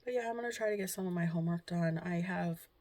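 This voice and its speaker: A young woman vlogging at home, talking softly and hesitantly with many pauses, emotional and close to tears. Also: on the low side. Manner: soft, hesitant, full of ums and trailing off. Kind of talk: casual confessional vlog talk. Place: at home, indoors.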